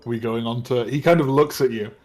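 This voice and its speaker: A man running a tabletop game as dungeon master, laughing often and getting animated as he narrates. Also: medium pitch, fairly quick, soft background music. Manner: laughs often, animated when voicing characters.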